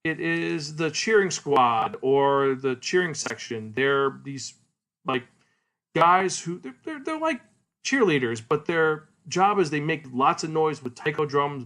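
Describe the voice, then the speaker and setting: A man hosting a podcast, retelling a comic's plot in a casual, animated way and acting out its characters. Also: medium pitch. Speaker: podcast host. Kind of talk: casual solo manga review.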